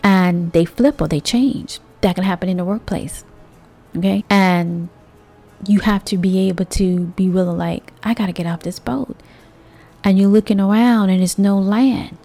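Mellow-voiced woman giving motivational talk. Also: medium pitch, steady tone, faint music behind. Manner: conversational, preachy, drawn-out emphasis; speaks with rhetorical asides to listeners. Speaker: host. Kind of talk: motivational monologue.

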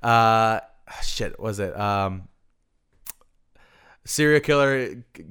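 A man talks loosely on a podcast and curses freely. His voice is smooth and clear. He breaks into laughter while he tells stories with lively energy. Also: lowish voice, slow. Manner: profane, laughing, animated storytelling. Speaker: podcast co-host. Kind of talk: casual podcast chat.

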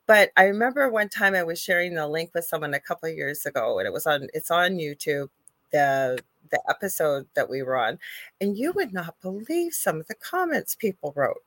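A woman's voice: on the low side, big pitch swings, a little fast, a bit bright, no room sound. A woman co-hosting a live paranormal chat show, talking casually with many restarts and fillers. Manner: chatty, frequent restarts and fillers. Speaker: co-host, psychic medium.

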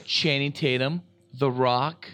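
A man's voice: medium pitch, fairly even intonation, takes it slowly, a bit bright, clean tone. A young man co-hosting a comedy podcast, joking around in a playful, crude way. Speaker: podcast co-host. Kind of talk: casual comedic chat.

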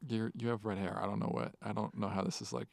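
A man's voice: on the low side, little pitch movement, fast talker, creaky, no room sound. A young man hosting a podcast in casual chat, teasing and laughing often with many fillers. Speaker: podcast host.

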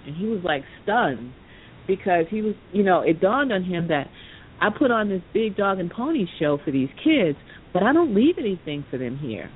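A woman host tells a long story in a casual way. She acts out the voices of the people in it and fills the gaps with "you know" and "um". Her voice comes through a thin, phone-like line with a faint low rumble behind it. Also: moderate pace. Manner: animated storyteller, acts out quoted voices, many fillers. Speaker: podcast host.

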